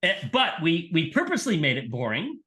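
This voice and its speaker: A man's voice: on the high side, fairly quick. A middle-aged man, a sports nutrition scientist, telling stories as a podcast guest and acting out the people he quotes. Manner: animated storyteller, acts out quoted people. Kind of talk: casual interview storytelling.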